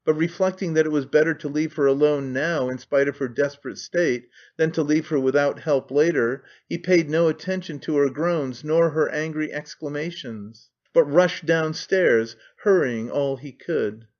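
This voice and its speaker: A man narrating a classic novel as an audiobook, measured and expressive. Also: on the high side, muffled recording.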